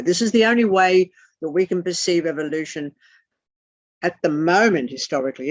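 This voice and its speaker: A tarot teacher lectures in a loose, wandering way, swearing offhandedly and letting some phrases sink into low mutters. The voice sits at a middling pitch. The recording is muffled and lo-fi, with no room echo at all. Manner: swears casually and drifts into muttered asides. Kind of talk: rambling esoteric lecture. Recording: dull lo-fi dry recording.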